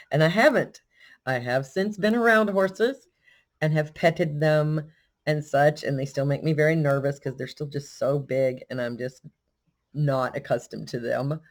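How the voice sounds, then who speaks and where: An older woman from Texas with a Texan accent, telling a story in a casual, animated, self-deprecating way. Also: sits low, a little slow. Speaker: vlogger.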